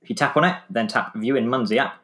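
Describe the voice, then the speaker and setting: A man's voice: mid-range voice, bright, forceful tone. A man with an English accent, a podcast guest explaining app steps in a matter-of-fact way. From England. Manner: brisk, matter-of-fact instructions.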